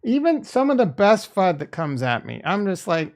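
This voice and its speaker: A man's voice: high-pitched, very animated, moderate pace. A man hosting a crypto investing channel, talking in a candid, rambling way that is casual and peppered with swearing.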